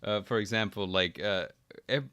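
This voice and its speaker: A man with a low voice chats casually as a podcast host. He tells stories with a lively, laughing manner and breaks into quick impressions. The sound is dry and close, with no room echo. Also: smooth. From Texas. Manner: laughing, animated storytelling with impressions. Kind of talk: casual chat.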